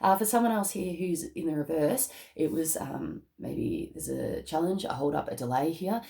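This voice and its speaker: Giggly Australian woman, lowish voice. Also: moderate pace, vocal fry. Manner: chatty, giggly, excitable. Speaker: tarot reader. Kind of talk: casual spiritual reading.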